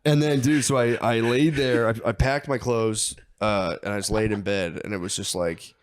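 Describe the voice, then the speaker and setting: A man's voice: on the low side, fairly even intonation, moderate pace, no echo. Young male podcast co-host, casual storyteller, profane and rambling, lots of restarts, dry close sound. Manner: rambling, profane, stammering restarts, acts out his own thoughts.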